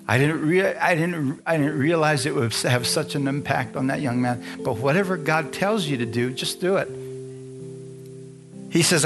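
A middle-aged man delivers a sermon, moving from a personal story to scripture. He keeps checking in with his listeners through short questions, and steady guitar music plays under his voice the whole way. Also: mid-range voice, normal speed. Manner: storytelling preacher, asks the congregation questions. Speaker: pastor.

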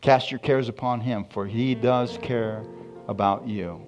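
A man preaching a sermon, reading scripture slowly and calling out to his congregation. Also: mid-range voice, fairly even intonation, a little mellow, dull audio, faint music behind.

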